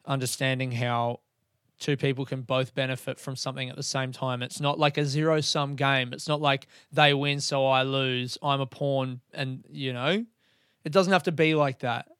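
A man's voice: medium pitch, fairly even intonation, normal speed, fairly bright tone, clear, resonant tone, no room sound, clean studio sound. Rambling, self-mocking man, thirty. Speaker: podcast host. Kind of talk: solo podcast monologue.

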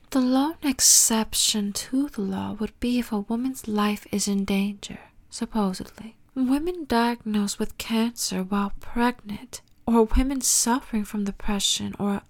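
Sassy woman podcaster, sarcastic. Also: medium pitch. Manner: sassy and sarcastic, calling the listener honey and darling; often drops into a half-whispered aside. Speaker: podcast host. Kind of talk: opinion podcast monologue.

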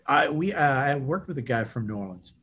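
A man's voice: mid-range voice, animated, brisk, a bit bright, slightly rough. A middle-aged man chatting casually on a podcast, joking and laughing, often trailing off. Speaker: podcast co-host. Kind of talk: casual chat.

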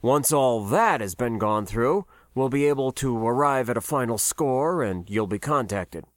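A man's voice: medium pitch, lively intonation, a little slow, no echo, clean studio sound, lightly acted. A man voicing a cautious male health inspector who speaks formally in an audiobook. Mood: guarded. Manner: formal, careful. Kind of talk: audiobook character voice.

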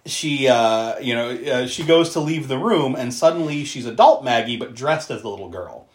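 A podcast host with a medium-pitched, animated voice recaps a movie at a normal speed. He's chatty, swears, uses lots of fillers and laughs often between lines, and the recording has a roomy echo.

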